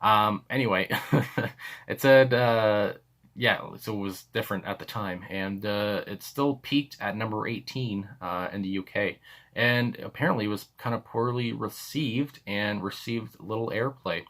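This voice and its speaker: A man's voice: on the low side, unhurried, fairly bright tone. A man with a Canadian accent, hosting a music reaction video in rambling, casual commentary full of fillers and chuckles. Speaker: music reaction channel host.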